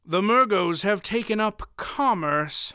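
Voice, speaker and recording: A man's voice: on the high side, very animated, slow pace, no echo, clean studio sound, heavily acted. A man reading an audiobook, voicing a shrewd old man who feigns senility with a wheezy, cracking voice. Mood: guarded. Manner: quiet and terse, then doddering. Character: old male storyteller feigning feeble senility.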